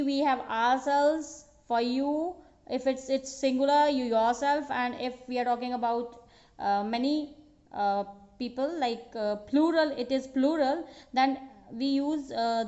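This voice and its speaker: A woman teaching a recorded school grammar lesson, slow and patient, with frequent fillers and restarts. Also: high voice, a little mellow. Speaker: English teacher. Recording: dull echoey room recording.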